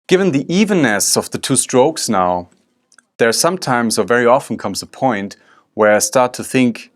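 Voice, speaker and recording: A man teaching a drum technique lesson, explaining step by step while he demonstrates. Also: on the low side. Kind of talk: instructional video lesson. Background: drum strokes and music.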